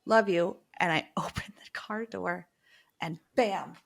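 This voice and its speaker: A woman's voice: lowish voice, measured pace, vocal fry. A woman in her thirties co-hosting a podcast, telling everyday stories in casual chat and laughing as she talks. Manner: chatty storyteller, laughs mid-sentence. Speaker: podcast co-host.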